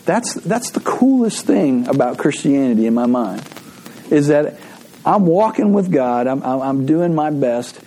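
Husky-voiced man preaching a sermon. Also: mid-range voice, sing-song, unhurried, warm tone. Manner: conversational storytelling with frequent restarts.

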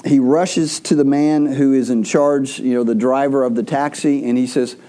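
A pastor with a warm, mellow voice preaches a sermon to his congregation. He tells stories loosely and conversationally, stumbling and restarting often as he goes. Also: mid-range voice, fairly even intonation, normal speed. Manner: rambling storyteller with frequent restarts.

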